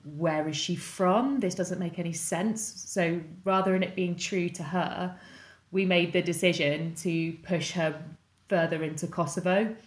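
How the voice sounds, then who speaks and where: A woman's voice: on the low side, reverberant. A woman actress talking reflectively about her work, thinking aloud. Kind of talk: casual interview talk.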